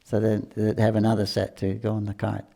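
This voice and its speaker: Older man telling temple stories haltingly. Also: on the low side, level tone, warm tone. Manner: halting, with many restarts, throat clearing and chuckles. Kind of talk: casual storytelling talk.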